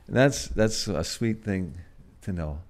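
A man delivers a sermon in a low, gentle voice. His speech halts and restarts often, with soft stretches broken by sudden loud swells on key words. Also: lively intonation. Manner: gentle, halting, with frequent "uh" and restarts. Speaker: preacher.

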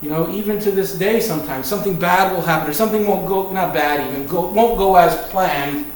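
A man with a Virginia accent and a high-sitting voice preaches a Bible lesson a little fast, emphatic and folksy, hammering his key points through repetition. The sermon is captured by a distant mic in a very echoey room with slight background noise.

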